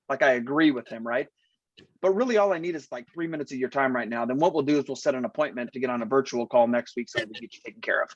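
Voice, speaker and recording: A man's voice: mid-range voice, no room sound, highs cut off. A man in a casual team meeting sharing tips on phone calls in an agreeable, chatty way. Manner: agreeable, chatty, lots of "like" and "right?". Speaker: insurance agent. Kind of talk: casual training talk.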